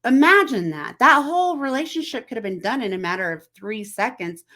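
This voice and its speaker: A woman's voice: a little high, expressive, fairly quick, sharp tone. A woman hosting a casual chat to camera, talking in a conversational way, asking the viewer questions and acting out text messages in quoted voices. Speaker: host.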